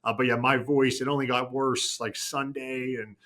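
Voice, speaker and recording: Medium-pitched and fairly bright, this man's delivery is flat at a normal speed. As a TV news anchor co-hosting a casual station chat show, he tells a long, rambling story full of restarts, fillers, and self-corrections.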